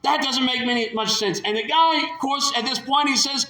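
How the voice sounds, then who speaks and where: A man preaching a sermon with passion, acting out the voices of the people in the story and rising to shouts. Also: very high-pitched, normal speed, few pauses, reverberant. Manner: impassioned, acts out the quotes with rising shouts.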